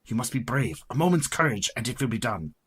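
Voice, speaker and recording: A man's voice: medium pitch, sing-song, brisk, heavy background noise, close to an everyday voice. A man voicing an older male vampire-hunting professor in a radio play, speaking in a formal, commanding way. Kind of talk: community radio play acting.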